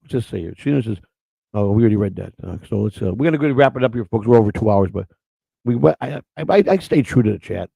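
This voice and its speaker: A middle-aged man streams live, chatting crudely and emotionally with viewers as he rambles through stories. He talks fast with lively intonation, and his voice sits on the low side, gravelly and mellow yet slightly rough, with no room sound.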